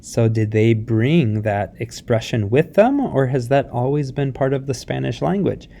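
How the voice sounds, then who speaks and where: A man's voice: mid-range voice, gravelly, mellow. A man teaching a recorded lesson, explaining step by step in a patient way and often checking in with his students. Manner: patient, explains slowly, mixes English and Spanish words; often adds a rising "see?" check-in. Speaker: Spanish teacher.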